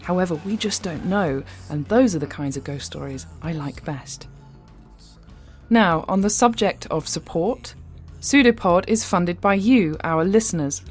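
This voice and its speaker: An English woman from England hosts a horror podcast, offering reflective commentary after a story with a wry, conversational tone and light humour. Her voice is lowish and unhurried, with faint music in the background.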